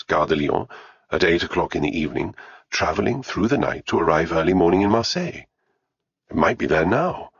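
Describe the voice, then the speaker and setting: A man narrating an audiobook in a measured, unhurried way. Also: low-pitched, creaky, a bit bright, husky, no room sound, lo-fi sound.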